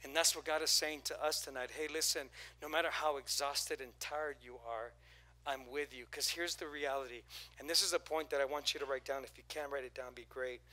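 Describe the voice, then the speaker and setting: A man's voice: mid-range voice, steady tone, fairly quick, bright, forceful tone. A man preaching a sermon as pastor, talking in a loose, storytelling way and getting the congregation to repeat lines to each other. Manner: conversational, storytelling with acted quotes and crowd prompts. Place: church auditorium.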